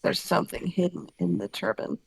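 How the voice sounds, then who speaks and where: Woman player at a tabletop game, kinda gravelly voice, joking and hesitant. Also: fairly low pitch, little pitch movement, brisk. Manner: joking, hesitant, self-correcting. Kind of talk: casual chat at a game table.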